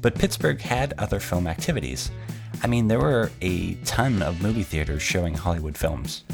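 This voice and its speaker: A man's voice: low-pitched, lively intonation, normal speed, gravelly, over music. A man co-hosting a podcast, explaining local film history in a conversational, scripted way. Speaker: podcast co-host. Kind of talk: scripted co-hosted narration.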